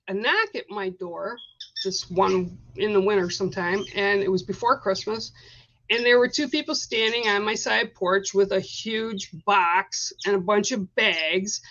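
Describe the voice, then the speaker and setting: A woman's voice: medium pitch, a bit bright, highs cut off. A woman hosting a spiritual live stream, telling a personal story in a casual, rambling way with lots of fillers. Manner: chatty, rambling, many fillers.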